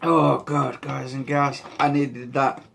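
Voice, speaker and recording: A man's voice: mid-range voice, level tone, slow pace, vocal fry, slight background noise. A man hosting a casual news vlog from home, with a mid-range voice. He rambles, jokes and swears offhandedly while he comments on the stories. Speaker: vlog host.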